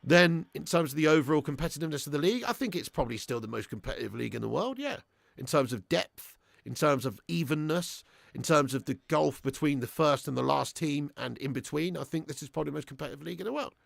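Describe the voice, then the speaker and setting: A man's voice: a little high, expressive, fast, vocal fry, hardly any pauses, no echo. A young man hosting a live match watch-along, swearing freely and reading out viewer messages. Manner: crude, swearing fan banter; reads out viewer super chats. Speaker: fan channel host.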